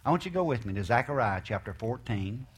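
Earnest man preaching, emphatic then hushed. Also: mid-range voice, expressive, fast, slightly rough. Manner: earnest, emphatic, rhetorical questions; swings between raised emphasis and quiet asides. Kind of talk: sermon with scripture reading.

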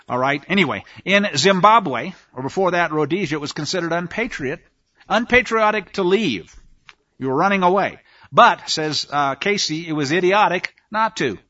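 A man's voice: a little high, bright, forceful tone, no echo, muffled recording. A man hosting a talk radio show in a rambling, emphatic monologue, with frequent restarts. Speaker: radio host.

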